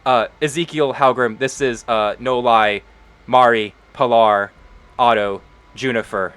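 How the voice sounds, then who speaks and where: Dude doing a shy awkward adventurer lady, lots of ums, kinda quiet. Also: mid-range voice, steady tone, unhurried, clear, resonant tone, no room sound, lightly acted. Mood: earnest. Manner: hesitant, with many fillers. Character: sheepish young woman adventurer, awkward, apologetic.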